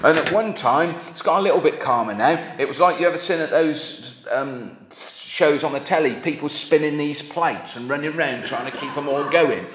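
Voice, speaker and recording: A man's voice: a little high, normal speed, fairly bright tone. A middle-aged man preaching a sermon, earnest and conversational, with wry asides. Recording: echoey hall with faint noise.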